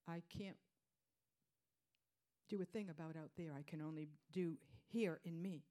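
Slow, low-voiced woman preaching. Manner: repetitive emphatic phrasing, drops to hushed whispers then rises to loud declarations. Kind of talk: sermon.

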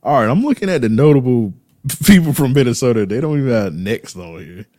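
A man's voice: mid-range voice, lively intonation, fairly quick, a little mellow, dry recording, clean studio sound. A man co-hosting a casual chat, bantering loosely with heavy slang.

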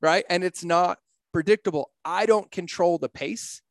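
Blunt, swearing man with a higher voice. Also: moderate pace, no echo. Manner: blunt, profane, emphatic storyteller. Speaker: podcast guest, entrepreneur. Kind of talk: casual podcast conversation.

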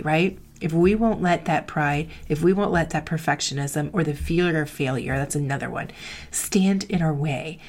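Candid woman coaching with a low voice. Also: a little mellow. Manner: candid, confessional, frequent "like", acts out quoted voices. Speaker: career coach for marketing students. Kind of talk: heartfelt motivational talk to listeners.

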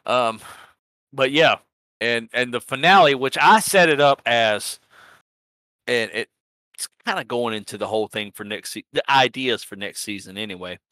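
A man rambles through a racing season recap, cursing casually and laughing at himself. His voice is bright and forceful, at an everyday pitch, and the recording sounds dry and close. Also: normal speed, dry recording. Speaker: sim racing league organizer and podcast host. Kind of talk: casual profane recap chat.

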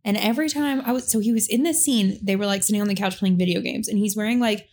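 Woman, middle pitch, playful co-host given to dry asides. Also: quick pace, darkish tone. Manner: wry, playful asides and quips. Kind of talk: casual chat.

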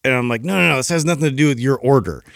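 A man's voice: mid-range voice, racing, vocal fry, dry recording, studio quality. Laid-back man in podcast chat. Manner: laid-back, rambling with fillers. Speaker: podcast co-host. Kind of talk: casual storytelling chat.

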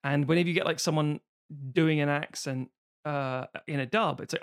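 A man's voice: a little high, fairly even intonation, a little fast, creaky, clean tone. A British man in casual podcast chat, swearing freely and slipping into silly voices. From Britain.

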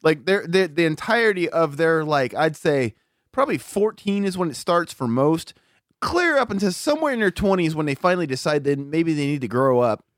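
Male, 40, higher-pitched, profane and animated raconteur; dry, close-miked recording. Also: fairly quick, no room sound. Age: 40s. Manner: profane, animated storytelling with acted-out quotes. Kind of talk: casual storytelling chat.

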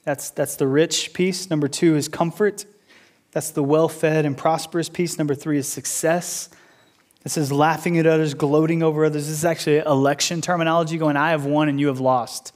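A man preaching a sermon as pastor, building to loud repeated appeals and then dropping low and quiet, with casual asides and voiced objections. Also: steady tone, normal speed.

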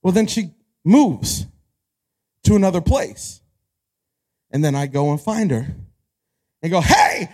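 A young adult man preaching a sermon as pastor, animated, rising to shouts and acting out quoted voices. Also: sits high, a little slow, pauses often. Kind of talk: energetic sermon.

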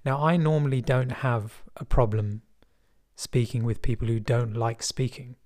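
Wry, measured West London storyteller man. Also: medium pitch, fairly even intonation, a little mellow. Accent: West London English. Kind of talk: personal storytelling.

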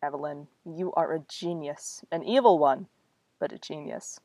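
Woman reading sly resourceful kitchen woman, knowing, lowish, dry. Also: normal speed, mellow, dry recording. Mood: amused.

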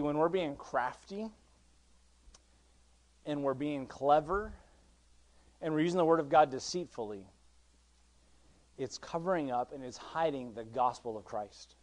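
A man's voice: on the high side, lively intonation, measured pace, pauses often. A man preaching as pastor, talking conversationally with many restarts, rising to emphatic points and reading old-style scripture. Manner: conversational, with frequent restarts and swings from quiet to emphatic; reads scripture in King James wording. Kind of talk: sermon.

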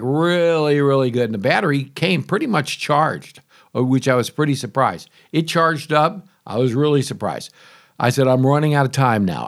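A man telling a casual, rambling story to camera about testing a new mower, chatty and full of asides and grumbles. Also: mid-range voice. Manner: chatty, conversational, self-interrupting. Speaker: homeowner reviewing a lawn mower.

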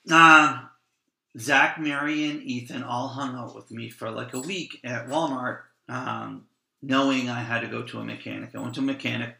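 A man's voice: mid-range voice, fairly even intonation, moderate pace, creaky, sharp tone. A man telling stories casually as a podcast guest, rambling and repeating words as he acts out what people said. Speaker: podcast guest, van traveler. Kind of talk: casual storytelling. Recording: roomy echo.

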